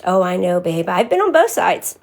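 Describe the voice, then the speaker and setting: A woman's voice: on the low side, sing-song, normal speed, creaky, darkish tone. A young woman talking candidly on a live stream, answering viewers by name in casual chat.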